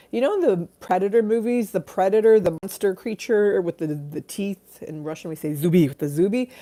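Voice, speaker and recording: A woman's voice: medium pitch, warm tone. A middle-aged woman hosting a livestream, telling stories in a casual, chatty way, often laughing and acting out the voices in them. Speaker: livestream host.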